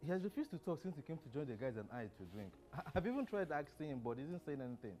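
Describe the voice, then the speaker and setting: A man's voice: a little high, sing-song, fast talker, warm tone. An actor playing a polite young man who stammers and speaks deferentially in a drama. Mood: apologetic. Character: polite young man who brought his friend home. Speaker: friend.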